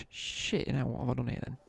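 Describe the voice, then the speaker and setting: Streaming a game, a young man with a Midlands accent chats with viewers and meanders through slangy school stories. His voice is medium in pitch, level, gravelly and husky at a normal speed, captured in a dry recording.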